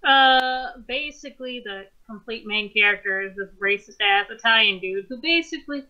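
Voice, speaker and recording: A woman's voice: fairly high pitch, moderate pace, bright, forceful tone. A woman co-hosting a casual movie review show, talking in a blunt, matter-of-fact, profane way. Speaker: podcast co-host. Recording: dull lo-fi mic.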